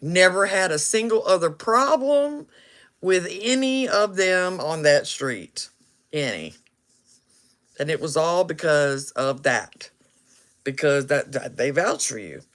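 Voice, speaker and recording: Animated, laughing man telling a story. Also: fairly high pitch, takes it slowly. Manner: laughing often, animated, acting out quotes. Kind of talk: casual storytelling.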